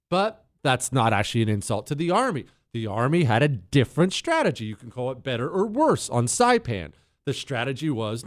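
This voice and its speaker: A middle-aged male radio host talking through a lively, emphatic monologue with a voice that rises and falls widely. He sits close to a studio mic in a dry, dead room, and his fairly high voice jumps between hurried bursts and stretched-out points. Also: no echo. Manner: animated, emphatic, quick asides and put-on quoted voices. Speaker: radio talk show host.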